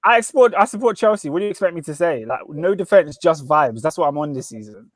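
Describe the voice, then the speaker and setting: A young man, co-hosting a football podcast, teasing and quick to laugh. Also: a little high, expressive. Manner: teasing, laughs often, acts out quotes. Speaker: podcast co-host. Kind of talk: casual football chat.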